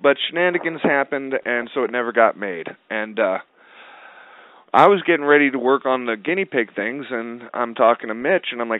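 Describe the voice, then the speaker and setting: A man's voice: mid-range voice, normal speed, no room sound. A man telling a story as a guest in a casual interview, blunt and profane, rambling with lots of fillers. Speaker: guest film producer. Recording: tinny dry phone line.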